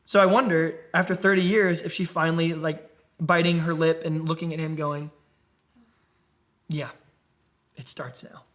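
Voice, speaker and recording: Male preacher, fairly high voice, lively Bible teaching with questions to the group. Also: brisk. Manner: animated, asks the group questions. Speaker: young adult ministry preacher.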